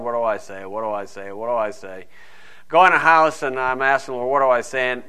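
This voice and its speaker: Folksy man preaching, bright forceful voice. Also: medium pitch, clear, resonant tone. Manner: folksy, digressive Bible teaching. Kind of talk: sermon.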